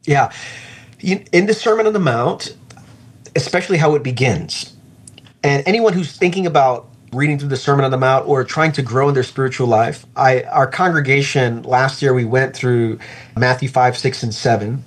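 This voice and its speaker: Reflective, earnest middle-aged man pastor. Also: medium pitch. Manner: reflective, earnest, slows down to stress points. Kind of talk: faith interview conversation.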